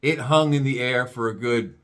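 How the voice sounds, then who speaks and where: A man telling a comic story in a drawn-out, playful way. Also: mid-range voice. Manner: animated, drawn-out comic buildup.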